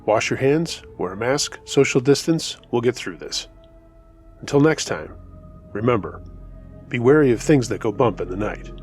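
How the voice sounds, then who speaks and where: A man hosting a storytelling channel, reading true scary stories in a steady, low-key scripted narration. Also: normal speed, husky, soft background music.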